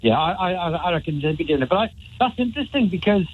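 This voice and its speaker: A man's voice: high voice, lively intonation, quick pace, breathy edge. A man calling a radio phone-in, stumbling and hesitating as he searches for words. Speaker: caller. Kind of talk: phone-in call. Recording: tinny phone line.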